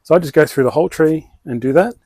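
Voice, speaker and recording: A man's voice: a little high, fast talker, dark tone, dry recording. A man with an Australian accent hosting his own bonsai channel, explaining tree care in a casual, rambling way that often corrects itself. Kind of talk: casual hands-on tutorial.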